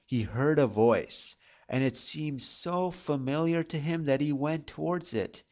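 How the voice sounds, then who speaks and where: A storyteller reading a fairy tale aloud in an expressive, unhurried manner. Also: mid-range voice, muffled recording.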